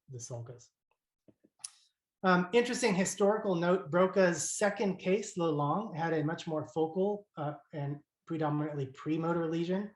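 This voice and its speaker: A man giving an academic lecture over slides, talking in a halting way with many fillers and restarts. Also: a little high, a little mellow, echoey room.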